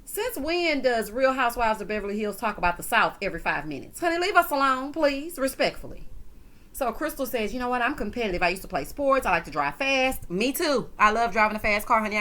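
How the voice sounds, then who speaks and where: A woman recapping a reality show in a sassy, animated chat, calling people honey and child. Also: on the high side, fairly quick. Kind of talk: casual recap commentary.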